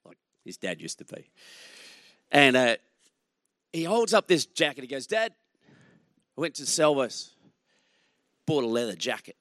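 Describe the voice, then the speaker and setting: A man's voice: medium pitch, very animated, measured pace, pauses often, a bit bright, no room sound, clean studio sound. A man in his forties with an Australian accent, preaching as a guest speaker in a conversational storytelling way, chuckling through his anecdotes. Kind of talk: sermon with personal storytelling.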